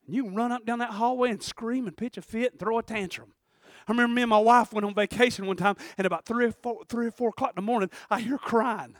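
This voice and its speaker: A man preaching a sermon, fervent and storytelling, swinging from shouted bursts to hushed passages. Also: sits high, fast talker, no echo, clean studio sound.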